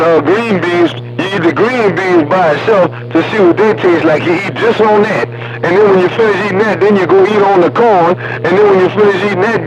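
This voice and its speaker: A man's voice: high voice, muffled recording. A man talking on a CB radio in a folksy, drawling, teasing way. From Southern US. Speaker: CB radio caller. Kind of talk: casual CB radio chat.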